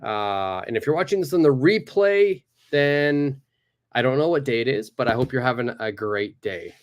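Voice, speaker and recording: Man, English teacher running a live online class from his computer, upbeat and encouraging, drills phrases slowly. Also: medium pitch, lively intonation.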